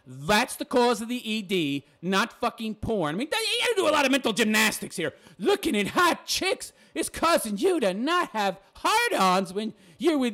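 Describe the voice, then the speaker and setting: High, animated, mocking male ranter. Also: normal speed. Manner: crude and mocking, laughs at his own jabs. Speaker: commentator. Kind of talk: ranting reaction commentary.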